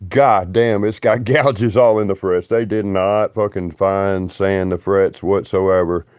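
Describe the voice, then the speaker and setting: A blunt man talks off the cuff on a livestream, swearing freely and grumbling. His voice is lowish and dark, and the sound is dry and close. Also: steady tone, a little slow, clean tone, dry recording. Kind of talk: rambling livestream talk.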